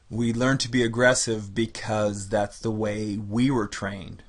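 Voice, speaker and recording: A man's voice: medium pitch, a bit bright. Man giving a casual psychology lecture. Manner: conversational, repeats and restarts phrases. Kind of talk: recorded university lecture.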